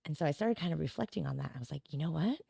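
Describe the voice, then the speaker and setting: A woman with a notably low, deep voice talks as a podcast guest. Her speech rambles, full of "like" and "right?" and easy laughter. The sound is dry and close, with no room echo. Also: animated, rapid-fire, creaky, dark tone, slightly rough. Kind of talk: casual chat.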